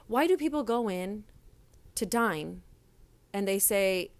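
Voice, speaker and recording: A woman's voice: medium pitch, takes it slowly, pauses often, no room sound. Blunt, sassy young woman host. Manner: blunt, sassy storytelling with lively quoted voices. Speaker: podcast host, restaurant server and former manager. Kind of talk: casual solo podcast monologue.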